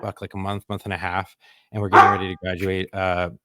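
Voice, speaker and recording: A man's voice: low voice, completely flat delivery, quick pace, bright, forceful tone. A man co-hosting a podcast who recalls his own Marine training in a blunt, profane, casual way. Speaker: podcast co-host, Marine veteran. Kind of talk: casual chat.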